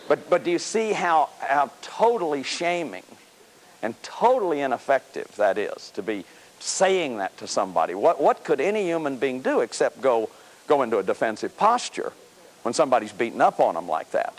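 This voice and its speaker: A man's voice: mid-range voice, very animated, moderate pace, crowd noise. A man in his fifties giving a self-help lecture, emphatic and repeating words as he drives points home. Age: 50s. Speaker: speaker on healing the inner child.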